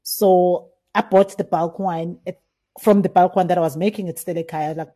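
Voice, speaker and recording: A middle-aged South African winemaker in a casual interview, telling stories and acting out remembered conversations with laughter. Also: female voice, lowish voice, normal speed, slightly rough. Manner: animated, acts out remembered dialogue with laughs. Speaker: winemaker, guest.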